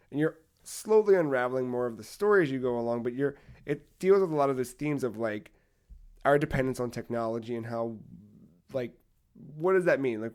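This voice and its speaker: A man co-hosting a podcast, telling a long story in casual chat, rambling with lots of fillers and animated retellings. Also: medium pitch, clear, resonant tone. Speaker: podcast co-host.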